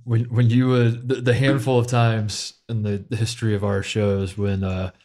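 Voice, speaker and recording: A man co-hosting a casual sports podcast, from Ohio, talking in an animated way with repeated words and frequent laughs. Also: lowish voice, normal speed.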